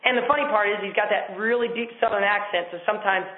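A man talks quickly and eagerly, pitching a coaching program to listeners on a call. His voice sits high, and he comes through a tinny, echoey phone line. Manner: fast, enthusiastic, salesy. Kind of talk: motivational sales pitch on a conference call.

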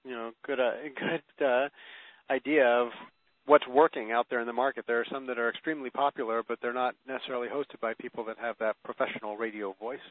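A man's voice: mid-range voice, steady tone, fairly quick, no room sound. Man hosting over a tinny phone line. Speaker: host. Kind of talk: hosting a call-in session.

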